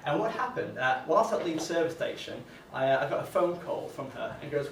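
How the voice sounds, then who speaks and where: A man's voice: fairly high pitch, animated, a little fast, few pauses, a little hiss or hum. A young man from Northern England performing a rambling, self-deprecating stand-up comedy set on a venue stage, with lots of stammered restarts. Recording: roomy, distant mic with faint venue ambience.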